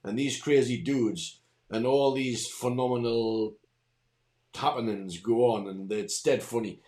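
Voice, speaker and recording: A man's voice: mid-range voice, steady tone, measured pace, a little mellow, reverberant. A man with a Geordie accent co-hosting a comedy show, rambling and restarting as he tells stories and trades banter. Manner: rambling, repetitive storytelling with stop-start restarts. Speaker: co-host. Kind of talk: comic banter.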